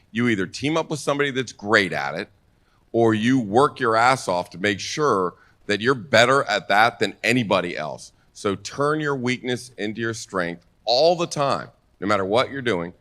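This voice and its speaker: A man's voice: lowish voice, expressive, normal speed, a bit bright. A man panelist giving blunt, punchy advice.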